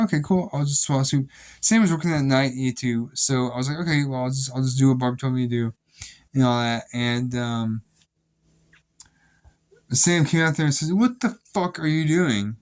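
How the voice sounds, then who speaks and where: A man's voice: mid-range voice, a little mellow, clean tone. A young man casually telling rambling, profane stories about his old job, with many restarts. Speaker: vlogger. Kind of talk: casual storytelling.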